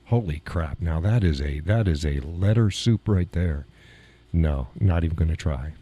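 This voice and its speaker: This middle-aged live streamer has a low, warm, slightly rough voice with lively intonation and a normal speed. Chatting loosely with his audience, he laughs a lot at their remarks and jokes at his own expense. A persistent cough keeps him clearing his throat.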